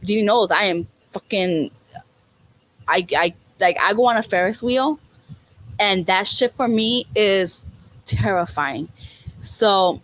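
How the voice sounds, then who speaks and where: A woman's voice: medium pitch, lively intonation, slow pace, pauses often, fairly bright tone, poor audio. Fields: Sex: woman. Role: podcast co-host. Style: candid chat. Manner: blunt, swears freely, switches into Spanish.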